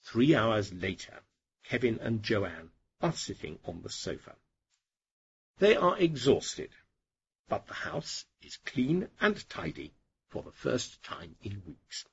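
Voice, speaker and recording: A middle-aged man hosting an English-learning podcast, narrating a lesson slowly and clearly for learners. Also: fairly low pitch, sing-song, dull audio. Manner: slow, clear and deliberate for learners. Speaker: English teacher, podcast host.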